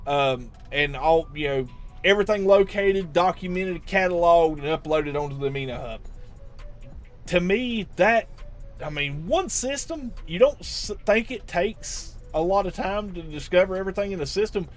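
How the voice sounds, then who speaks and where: A man hosts a relaxed game live stream, chatting freely and answering viewers. His voice sits a little high, and he often restarts his sentences. Faint music plays underneath. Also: normal speed. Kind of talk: casual live-stream chat.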